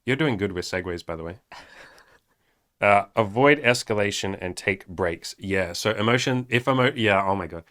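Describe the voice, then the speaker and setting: Young male host, low voice, frank and sweary, casual couple chat. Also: normal speed, a bit bright. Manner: candid, swears, acts out past arguments. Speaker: podcast host.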